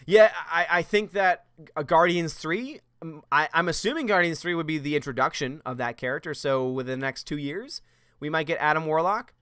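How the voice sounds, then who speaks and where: A man's voice: a little high, expressive, fairly quick, a bit bright, clear, resonant tone, dry recording, clean studio sound. Chatty man hosting a livestream. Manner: chatty, laughs often, reads chat comments aloud. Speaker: host. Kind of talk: casual livestream chat.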